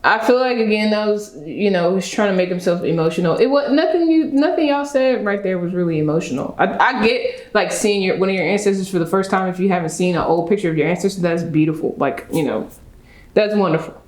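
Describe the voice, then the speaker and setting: A woman's voice: medium pitch, a little fast, a little mellow, reverberant, poor audio. A woman giving opinionated reaction commentary as a video host. She talks emphatically and lectures, driving home her points and repeating them with a pointed "okay?".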